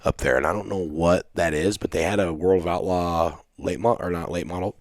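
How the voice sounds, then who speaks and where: A middle-aged man with a very deep, low voice chats casually about his racing. He is animated and profane and acts out the quotes in his stories. The recording is dry and close, with no room sound. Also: fairly quick, no room sound. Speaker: race car driver, podcast guest. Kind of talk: casual storytelling chat.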